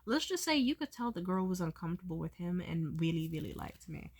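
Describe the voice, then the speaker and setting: A drunk woman vlogging a profane, joking story in a casual, animated way. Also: lowish voice, a little fast. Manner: animated, profane, jokey, slurs words while tipsy.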